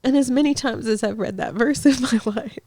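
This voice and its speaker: A young adult woman sharing a heartfelt faith testimony as a guest in a conversation, earnest, with soft laughs and restarts. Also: fairly high pitch, brisk, dry recording, clean studio sound. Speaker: podcast guest, ministry director.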